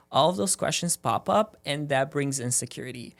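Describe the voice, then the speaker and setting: A man's voice: a little high, expressive, moderate pace, vocal fry, a bit bright. A man talking as a guest on a podcast, earnest and motivational, rambling with lots of "like"s. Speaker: guest, esthetician. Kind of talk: casual podcast chat.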